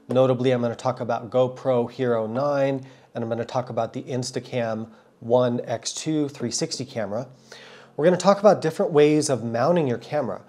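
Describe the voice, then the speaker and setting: A man's voice: mid-range voice, darkish tone. A man with a cold, hosting his own motorcycle vlog and giving a friendly, thorough explanation of how he films, often doubling words for stress. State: has a cold. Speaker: motorcycle vlogger. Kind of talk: casual explanatory vlog talk.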